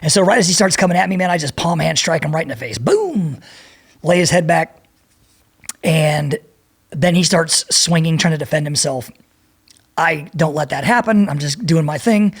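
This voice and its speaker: Guy on a podcast telling a rowdy story, husky gravelly voice, kinda high for a dude, cusses a lot. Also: moderate pace. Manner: profane, animated, acts out voices in his anecdote. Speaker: podcast guest. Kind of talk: storytelling in a casual interview.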